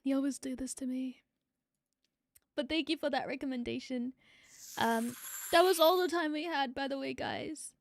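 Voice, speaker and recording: A woman's voice: high voice, normal speed, pauses often, no room sound. A woman streamer reacting to a video, tearful, emotional and swearing, laughing often. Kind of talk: casual live reaction.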